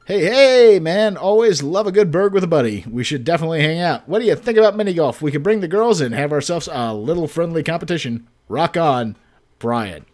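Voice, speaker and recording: Man voicing a chummy, bro-ish game neighbor dad, higher and lively. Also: brisk, close to an everyday voice. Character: hearty upbeat neighbor dad, man, middle-aged.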